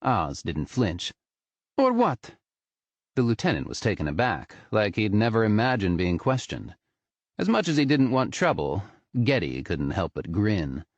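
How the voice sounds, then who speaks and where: A man narrating an audiobook in an expressive, storytelling manner. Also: on the low side, moderate pace, no room sound. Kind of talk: scripted narration.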